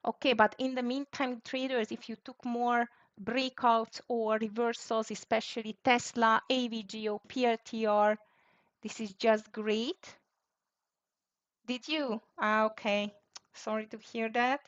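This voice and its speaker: A woman hosts a day-trading livestream, narrating her trades live in a fairly high, steady voice at a measured pace. Her running commentary is full of fillers and disappointed sighs, and the stream audio is dull and lo-fi.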